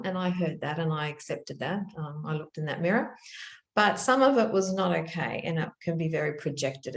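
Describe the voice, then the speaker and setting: A middle-aged woman teaching about spiritual practice in a gentle, earnest manner, telling stories with soft restarts. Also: deep voice, echoey room. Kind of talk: reflective spoken teaching.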